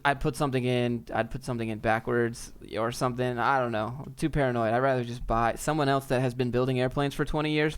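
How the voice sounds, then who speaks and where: Laid-back man with a smooth voice. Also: mid-range voice. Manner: laid-back, joking, off-the-cuff. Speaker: streamer answering viewer chat. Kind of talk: casual live chat Q&A.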